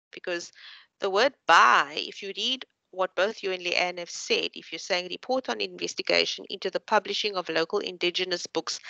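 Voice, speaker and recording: A woman's voice: on the low side, gravelly, pushed and bright, no echo, poor audio. A woman tutor giving patient, encouraging feedback to students in an online class. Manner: encouraging, patient, explains slowly. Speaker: university tutor.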